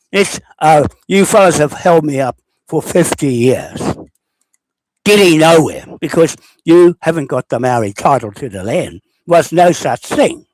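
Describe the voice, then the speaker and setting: This recorded message comes from a New Zealander who describes himself as a landowner, rambling indignantly without a script and asking "okay?" again and again. His voice is a little high and a little mellow, with lively intonation and a slightly slow pace, recorded dry.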